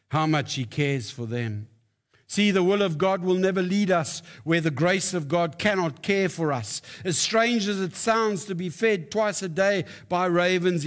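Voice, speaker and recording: A man preaching a sermon, telling stories with emphatic rises. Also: a little high. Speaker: pastor.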